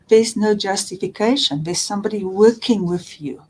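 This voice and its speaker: A woman's voice: medium pitch, unhurried, darkish tone, a little hiss or hum, rough recording. A middle-aged woman counselor explaining relationship patterns in an earnest, repetitive way, often restarting phrases and voicing example quotes. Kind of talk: talking-head advice video.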